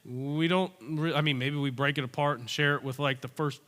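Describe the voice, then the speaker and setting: A man's voice: on the high side, steady tone, brisk, a bit bright, in a large hall, lightly acted. A man voicing a worried male disciple who hesitantly protests. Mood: doubtful.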